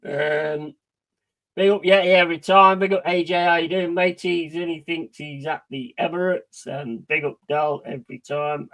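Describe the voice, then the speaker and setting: A man's voice: fairly high pitch, fairly even intonation, normal speed, no room sound. Man, frustrated sweary watch-along streamer, dry close sound. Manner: heavy swearing, ranting and frustrated; banters with chat and gives shout-outs. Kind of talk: live match watch-along commentary.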